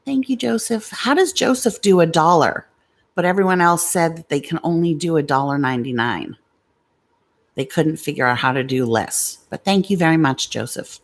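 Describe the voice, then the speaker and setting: Speaking at a normal pace in an animated, low voice, a middle-aged woman runs a casual livestream where she confronts commenters head-on and swears liberally.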